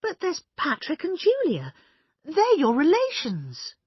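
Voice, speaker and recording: Woman narrator as an earnest, high-voiced young mother for a storybook, dry recording. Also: huge pitch swings, measured pace, no echo, dull audio, heavily acted. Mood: protesting.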